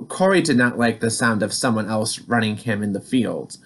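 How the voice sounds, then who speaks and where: A man reading a children's storybook aloud, gentle and encouraging toward young listeners. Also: fairly low pitch, animated, normal speed, few pauses.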